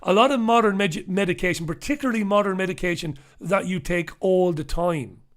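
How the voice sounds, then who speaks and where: A man's voice: high voice, fairly quick. Impassioned man hosting a news review. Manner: impassioned and emphatic, repeats points for weight; blunt and swears in anger. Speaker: show host reviewing newspapers. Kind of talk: live solo commentary on the news.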